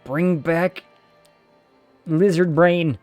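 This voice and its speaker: A man's voice: a little high, fairly even intonation, very slow, a little mellow, no room sound. Male streamer, casual and chatty, dry mic with faint game music behind. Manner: chatty, loose, swears casually. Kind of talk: casual gaming stream chat.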